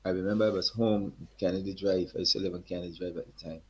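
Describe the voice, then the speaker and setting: A man's voice: sits low, rapid-fire, husky. An older man from Barbados, telling stories as an interview guest in a casual, colloquial way. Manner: animated, colloquial, leans on "man" and "you know". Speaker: guest, calypsonian. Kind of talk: storytelling in a sit-down interview. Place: living-room studio set.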